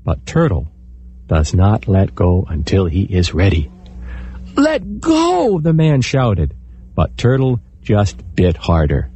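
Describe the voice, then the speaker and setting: A man telling a folktale aloud in an expressive, animated way. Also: deep voice, slow, husky. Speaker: storyteller. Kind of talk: oral folktale storytelling.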